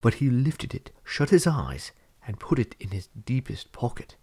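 A man narrating a fantasy storybook chapter in a measured reading voice. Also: medium pitch, very animated, warm tone, breathy edge. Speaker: audiobook reader.

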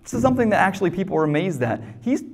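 A man's voice: sits high, sing-song, racing, darkish tone. A man preaching a sermon as pastor, teaching in a conversational, emphatic way with rhetorical questions.

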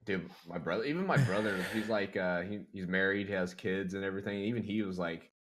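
A man's voice: low-pitched, fast, background noise. A young man co-hosting a casual podcast, telling loose stories with lots of fillers and frequent laughs. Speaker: podcast co-host. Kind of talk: casual chat.

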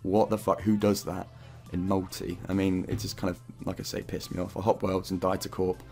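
Low-voiced man swearing through gameplay commentary. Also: level tone, brisk, dark tone, soft background music. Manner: swears often, loose rambling narration with fillers. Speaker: gaming YouTuber narrating his own gameplay.

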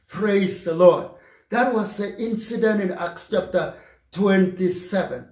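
High, slow-preaching male pastor. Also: darkish tone, echoey room. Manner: slow, emphatic preaching with repeated phrases. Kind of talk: sermon.

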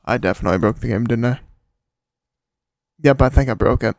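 A man's voice: mid-range voice, brisk, vocal fry, slight background noise. A young man casually commenting while playing a game, laughing a lot and making crude, mocking asides. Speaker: gamer. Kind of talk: casual let's-play commentary.

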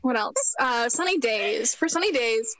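A woman's voice: on the high side, expressive, unhurried, fairly bright tone, rough recording. A woman voice actor chatting casually on a podcast, drawling and hesitant, her sentences trailing off. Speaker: voice actor guest.

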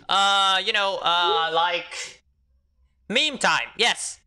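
A young man talks slowly and casually over a game, joking as he reads text messages aloud. His voice is bright and clear, with a smooth, unhurried delivery. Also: sits high. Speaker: gamer. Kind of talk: casual gameplay commentary.

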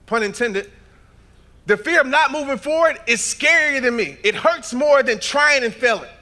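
A man in his thirties delivering a motivational keynote into a handheld stage mic. His voice sits high for a man and rings bright and forceful. He tells stories in acted-out dialogue, then rises to shouted, preacher-like peaks. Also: normal speed. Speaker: motivational speaker. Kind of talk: keynote speech. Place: large event hall.

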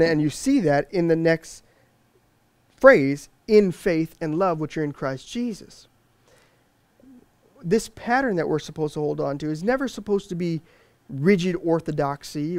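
A man's voice: fairly high pitch, a little mellow, no echo. A man preaching a sermon as pastor, explaining patiently with frequent restarts and fillers.

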